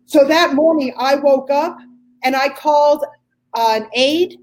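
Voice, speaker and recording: An older woman giving an emotional personal testimony as an interview guest, acting out the lines she quotes with big jumps in pitch. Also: slow, darkish tone, rough recording. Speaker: guest telling her story.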